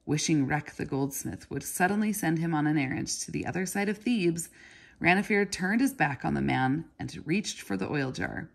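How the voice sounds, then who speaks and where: A woman reading a children's novel aloud in a steady storybook manner. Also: low-pitched, moderate pace, gravelly. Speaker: narrator.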